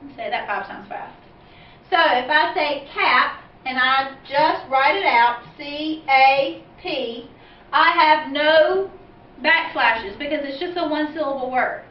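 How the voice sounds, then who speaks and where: Slow, patient high-voiced woman teacher. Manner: slow, patient, explains step by step with questions. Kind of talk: phonics lesson for parents and children. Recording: echoey, dull, distant from the mic.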